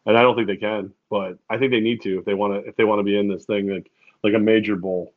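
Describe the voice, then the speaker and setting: A man's voice: fairly low pitch, fairly even intonation, fast. Rambling man on a dull, muffled line. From New York state. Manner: rambling, hesitant fillers, laughs easily. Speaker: podcast co-host. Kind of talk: casual sports chat.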